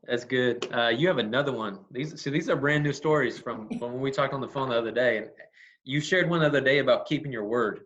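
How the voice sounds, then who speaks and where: A man's voice: medium pitch, fast talker, fairly bright tone, muffled recording. Man asking rambling interview questions. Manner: encouraging, rambling prompts. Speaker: podcast host.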